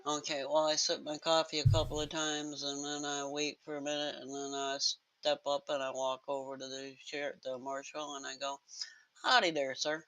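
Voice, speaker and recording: A woman's voice: low-pitched, monotone, normal speed, few pauses, a bit bright, rough recording. A woman player in a tabletop game who speaks as her western character in an easygoing way. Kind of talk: in-character role-play.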